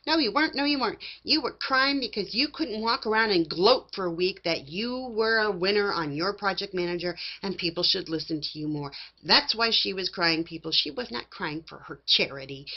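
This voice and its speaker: A woman with a mid-pitched voice recaps reality TV in a sassy, mocking tone. She acts out other people's lines as she talks. The recording sounds slightly dull and lo-fi. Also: animated, normal speed. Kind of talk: casual opinionated recap.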